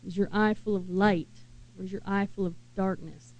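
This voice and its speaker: A woman preaching a sermon in an earnest, unhurried way and asking her listeners many questions. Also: mid-range voice, fairly even intonation, dull audio.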